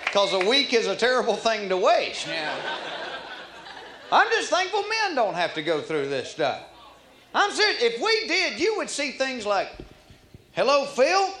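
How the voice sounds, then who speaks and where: A man's voice: very high-pitched, big pitch swings, normal speed, pushed and bright. A man performing a folksy stand-up routine on a comedy club stage, with audience laughter behind him. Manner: folksy, drawling storyteller. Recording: live club recording, roomy, audience noise.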